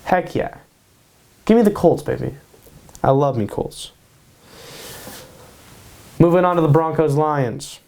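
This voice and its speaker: A man's voice: fairly high pitch, slow pace, gravelly, long pauses, darkish tone. A man hosting his own show, giving casual sports predictions in a hyped way, repeating his picks and tacking "baby" onto them. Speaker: host. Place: home in Kansas.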